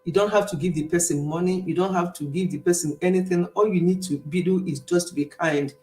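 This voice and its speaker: A woman's voice: fairly low pitch, steady tone, a little fast, darkish tone, reverberant, rough recording. A middle-aged woman hosting a casual live stream, chatting, reading comments and laughing often.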